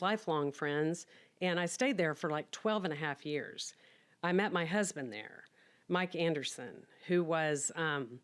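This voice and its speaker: Middle-aged lady with a deep voice telling her story, super frank and chatty, acts out what people said. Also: clean tone. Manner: frank and chatty, acts out quoted dialogue with laughs. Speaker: podcast guest telling her life story. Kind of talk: candid personal storytelling.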